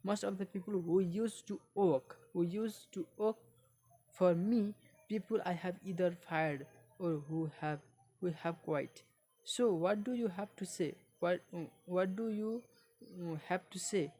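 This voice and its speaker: A woman, not a native English speaker, reading a book aloud in a halting way and repeating phrases for learners. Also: fairly low pitch, dark tone.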